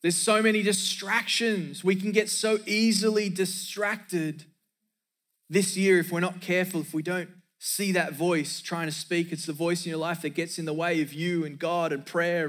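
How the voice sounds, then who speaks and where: Pastor guy preaching, kinda high voice, hits his points hard and says them twice, jokes a bit. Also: a bit bright. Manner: emphatic, repeats key lines for effect. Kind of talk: sermon.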